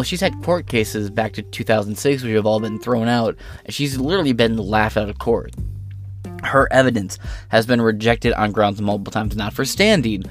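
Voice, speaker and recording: On an online show about politics, the host, a man with a lowish voice, reads articles out loud, then interrupts himself with rambling remarks full of sarcasm and swearing.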